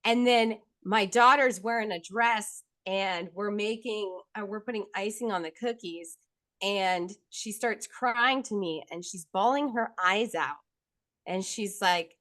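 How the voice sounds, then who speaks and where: At a measured pace, a woman in her thirties with a medium-pitched voice tells her own story in an open, profane conversation, recorded with no echo. When quoting other people she gets especially animated.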